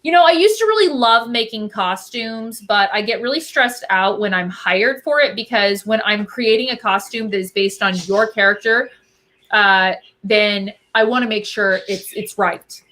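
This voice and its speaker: A woman's voice: mid-range voice, moderate pace, fairly bright tone. A woman guest chatting casually and bubbly, answering viewer questions about cosplay. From Albuquerque. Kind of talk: casual chat.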